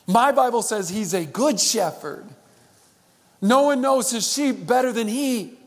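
A male pastor preaching a sermon, calling on the church to repeat after him and swinging between loud and hushed. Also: very high-pitched, expressive, unhurried. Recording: long hall reverb.

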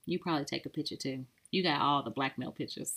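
A woman's voice: extremely low pitch, quick pace, fairly bright tone. A woman co-hosting a podcast, chatting casually in a playful, teasing, slangy way. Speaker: podcast co-host. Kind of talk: casual chat.

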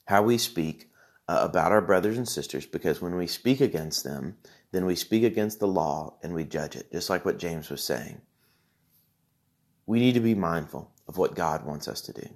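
A man preaching a sermon, explaining scripture earnestly and posing questions to his listeners before answering them. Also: deep voice.

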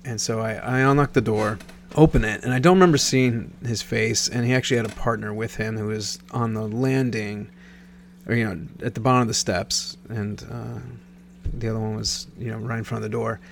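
A man's voice: on the low side, steady tone, fairly quick, gravelly, slight background noise. A man in his thirties, from Nebraska, rambling through a casual personal story and often correcting himself mid-sentence. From Nebraska, USA. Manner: rambling, self-correcting, many restarts.

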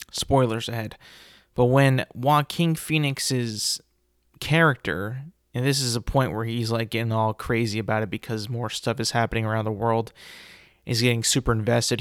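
A man hosts his own podcast in a loose, rambling monologue. He piles up fillers and restarts and swears now and then while he retells a scene. His voice sits at an ordinary middle pitch, recorded close and dry with no room sound. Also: a bit bright, dry recording. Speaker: podcast host.

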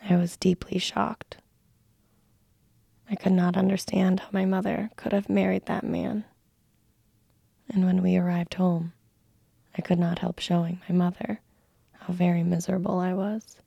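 Woman whispering a storybook, whispered role-play, gravelly low and dark, close dry mic. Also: flat delivery, dry recording, highs cut off. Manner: soft, slow, unvoiced whisper. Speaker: narrator.

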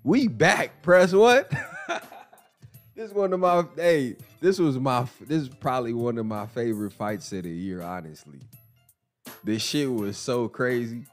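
A man hosts a casual boxing podcast and riffs on the sport in an animated, mocking way, laughing often. His pitch swings widely. Faint music plays underneath. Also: unhurried. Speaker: podcast host.

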